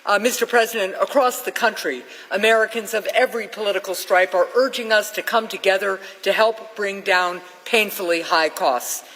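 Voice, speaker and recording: A woman's voice: medium pitch, normal speed, hardly any pauses, fairly bright tone. Woman senator making a formal floor speech. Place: large legislative chamber. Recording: echoey legislative chamber.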